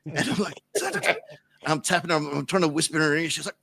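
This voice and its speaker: A man's voice: fairly high pitch, quick pace, vocal fry, pushed and bright, husky. An Australian man, a podcast guest, telling a rambling, profane anecdote in casual chat. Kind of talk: casual storytelling.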